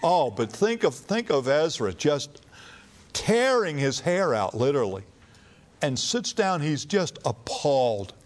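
Male preacher, slightly higher voice, casual teaching sermon, emphatic when quoting scripture. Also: big pitch swings, unhurried. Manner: conversational Bible teaching, rising emphatic when reading prayers.

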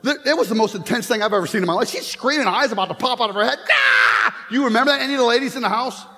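A man in his fifties preaches from a church platform, spinning stories and teasing the congregation. His voice sits unusually high. The room rings with a long reverb. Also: racing, sharp tone. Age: 50s. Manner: storytelling, joking with the congregation. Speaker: pastor. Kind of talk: sermon. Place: church sanctuary.

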